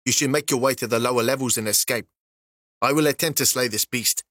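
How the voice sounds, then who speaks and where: A man's voice: medium pitch, a little fast, a bit bright, dry recording, clean studio sound, close to an everyday voice. A man voicing a secretive male shadow elf assassin in a storybook, with a muffled voice, speaking solemnly and evenly.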